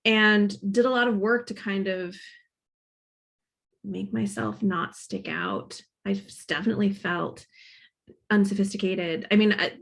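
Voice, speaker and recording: Slow and a bit gravelly, this mid-range female voice belongs to a Northern Kentucky woman in her thirties whose Midwestern speech has a touch of Boston in it. She's a guest author at a library event, musing out loud in a relaxed, reflective, conversational way.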